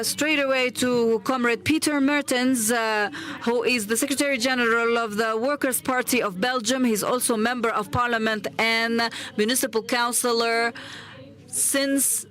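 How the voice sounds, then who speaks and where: A woman moderating a conference panel, halting with fillers and leading the crowd in call-and-response chants. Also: on the high side, fairly even intonation, fairly bright tone.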